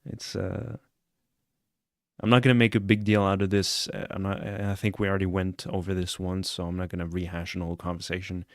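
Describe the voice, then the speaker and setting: A man's voice: low-pitched, flat delivery, a little fast, creaky, no echo, clean studio sound. A man chatting casually on a live stream, earnest and rambling, often checking in with "you know what I'm saying?". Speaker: streamer reacting to a clip.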